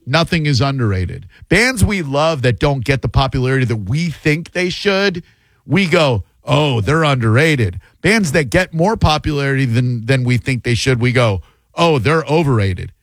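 A man's voice: medium pitch, no echo. A man hosting a radio call-in show, riffing wryly and with strong opinions in casual banter with callers.

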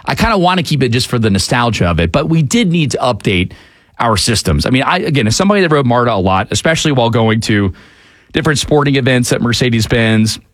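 A man's voice: mid-range voice, big pitch swings, fast, no echo. A man hosting a talk show, giving casual, opinionated commentary on the news with frequent fillers. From Atlanta area, USA.

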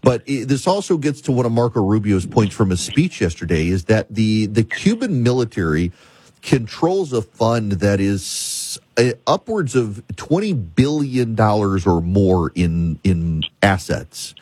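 A man's voice: fairly low pitch, very animated, measured pace, a little mellow, slightly rough, dry recording. A man delivering an emphatic political monologue as a commentator host, repeating and listing points with frequent restarts.

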